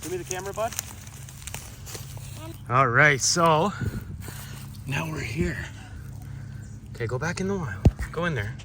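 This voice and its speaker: A man's voice: a little high, lively intonation, unhurried, long pauses, noisy background. A man vlogging outdoors by a pond, chatty and upbeat, talking to viewers as "guys". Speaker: vlogger, animal keeper. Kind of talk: casual outdoor vlog to camera.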